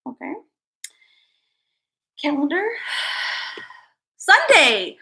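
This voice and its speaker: Bubbly high-voiced woman streamer. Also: normal speed. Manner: bubbly, excitable, talks to viewers as guys. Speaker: livestream host. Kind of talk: casual livestream chat.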